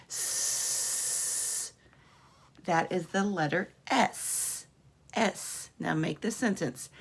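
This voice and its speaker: A woman teacher giving a slow, encouraging phonics lesson to young children, drawing out letter sounds. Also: mid-range voice, vocal fry, fairly bright tone, slightly rough.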